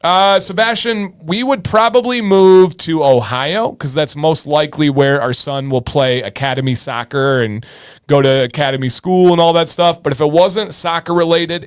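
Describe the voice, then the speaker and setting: A man's voice: on the high side, moderate pace, clean tone. A man in his thirties from Michigan, hosting a casual livestream and chatting with viewers by name. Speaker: livestream host. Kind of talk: casual livestream chat reading viewer comments.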